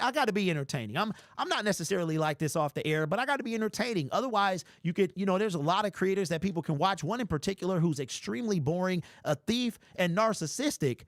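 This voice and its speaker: Animated high-voiced man hosting a live stream. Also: no echo, clean studio sound. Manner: animated, mock-indignant, teasing. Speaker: fan livestream host. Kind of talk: casual live-stream chat reading donations.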